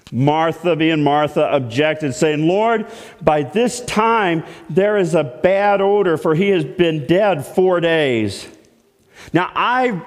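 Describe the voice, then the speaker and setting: A man pastor preaching a storytelling sermon, animated, dropping to hushed tones and rising to loud exclamations. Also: mid-range voice. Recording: long hall reverb.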